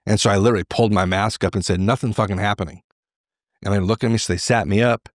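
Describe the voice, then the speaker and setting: A middle-aged man, a podcast guest, telling a candid personal story in an animated way. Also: lowish voice, rapid-fire, no echo, clean studio sound. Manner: animated, acts out quoted voices.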